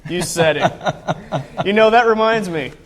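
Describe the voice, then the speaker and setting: Smug, pushy lawyer, a touch high, played by a man. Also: slight background noise. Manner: fast, boastful, exclaiming. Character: smug greedy male lawyer.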